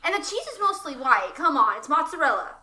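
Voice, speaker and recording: A young woman co-hosting a casual chat, emphatic and quick to protest. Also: sits high, very animated, bright, forceful tone, echoey room. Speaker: podcast co-host.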